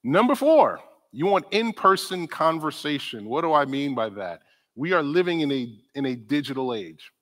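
A man giving a conference talk on church ministry, conversational and animated, often asking the audience questions. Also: on the high side, normal speed. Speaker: conference speaker on disability ministry. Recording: long hall reverb.

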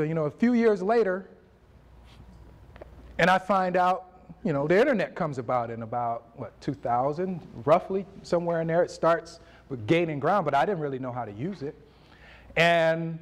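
A man in his forties giving a motivational speech at a university event, telling his story with animated delivery and acting out conversations. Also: high-pitched. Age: 40s. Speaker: motivational speaker.

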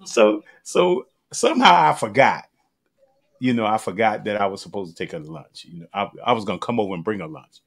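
A man's voice: fairly low pitch, animated, fairly quick, breathy edge. Laughing American man telling stories. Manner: laughs a lot, acts out quoted voices while telling stories. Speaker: podcast host. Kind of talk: casual chat.

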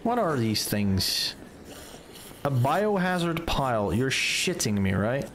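A man's voice: medium pitch, very animated, slow pace. A man doing let's play commentary as a gaming streamer, ranting with profane exasperation. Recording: clear background noise.

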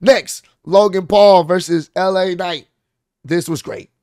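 A man giving a casual, excited recap of a wrestling show, rambling with fillers and restarts. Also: high-pitched, unhurried, clear, resonant tone, dry recording, studio quality.

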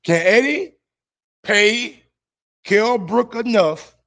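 A man's voice: high voice, expressive, drawn-out words, creaky, a bit bright. A young man hosting a casual sports commentary, talking in a chatty, laid-back way and often repeating himself.

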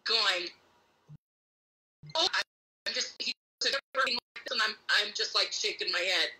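A woman's voice: medium pitch, moderate pace, bright, forceful tone, rough recording. A woman as an interview guest, telling a story animatedly and acting out both sides of a conversation.

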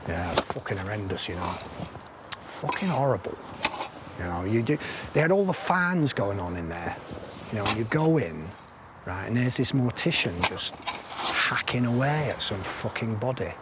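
A man's voice: lowish voice, expressive, measured pace, pauses often, heavy background noise. An actor playing a blunt, middle-aged army veteran who swears constantly and rambles through grim stories, asking "right?" as he goes. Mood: grim storytelling. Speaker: soldier telling a war story. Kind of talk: film drama acting.

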